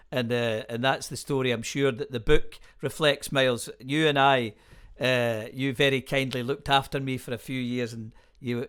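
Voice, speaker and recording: A man's voice: mid-range voice, a bit bright, clean tone. A man hosting an interview, chatting casually and hesitating with many ums. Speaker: podcast host.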